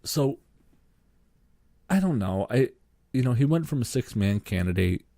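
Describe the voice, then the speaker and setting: A man's voice: mid-range voice, animated, unhurried, dark tone, no room sound, clean studio sound. A young man, co-hosting a podcast and ranting sarcastically about sports, swearing freely. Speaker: podcast co-host. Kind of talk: solo sports podcast rant.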